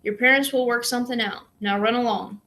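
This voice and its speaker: A woman's voice: a little high, fairly even intonation, fairly quick, a bit bright. A woman voicing a stern middle-aged male prison warden who speaks firmly and with authority. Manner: firm, clipped and authoritative.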